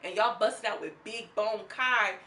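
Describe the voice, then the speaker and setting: A bright, forceful woman talks through a reality episode in a loose, slangy vlog manner. Her voice bounces around a roomy, echoey space with a faint hiss underneath. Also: mid-range voice, measured pace. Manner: animated and slangy, acts out quotes in mocking voices. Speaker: reality TV reviewer. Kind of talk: casual commentary vlog. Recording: echoey room.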